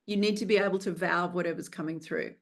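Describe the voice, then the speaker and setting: A woman's voice: lowish voice, steady tone, fast talker. A woman film director speaking as a guest in an interview, earnest and reflective, coaching in tone, and stretching some words out for emphasis. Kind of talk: conversational interview.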